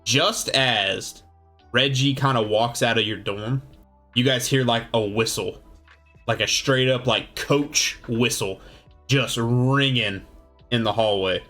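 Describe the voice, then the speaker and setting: A man's voice: mid-range voice, takes it slowly, sharp tone, soft background music. A man narrating a casual tabletop game as game master, loose and rambling with many fillers.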